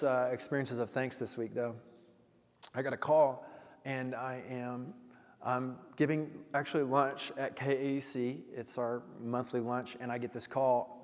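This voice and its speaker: A male pastor giving a relaxed, conversational sermon, telling stories and asking the congregation questions. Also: mid-range voice. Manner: casual, storytelling, engages the congregation with questions. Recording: long hall reverb.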